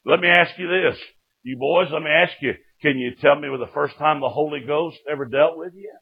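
A man giving a folksy sermon testimony, rising to shouts and dropping to hushed storytelling. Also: on the high side, normal speed, gravelly, breathy edge. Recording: tinny phone-like recording.

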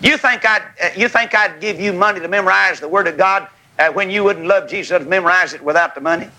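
A man preaches a revival sermon in a folksy, fiery way, climbing into shouted peaks. His voice sits high and rings very bright and forceful. A congregation answers him with amens under the tent. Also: fast, low-quality recording. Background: congregation calling amen.

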